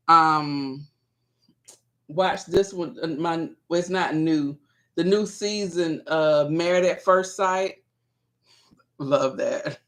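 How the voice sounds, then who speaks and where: A woman's voice: on the low side, a bit bright. A woman hosting her own vlog, chatting casually and rambling as she speaks directly to her viewers.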